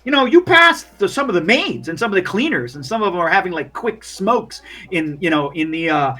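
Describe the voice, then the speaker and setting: A man's voice: sits high, very animated, brisk, pushed and bright, faint music behind. A man running a tabletop game as game master, rambling with lots of fillers. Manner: rambling, many fillers, laughs often.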